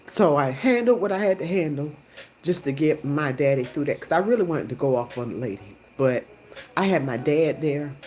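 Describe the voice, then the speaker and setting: A middle-aged woman hosting her own live stream, telling a story in a rambling, animated way with many restarts. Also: deep voice, normal speed, poor audio. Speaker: livestream host.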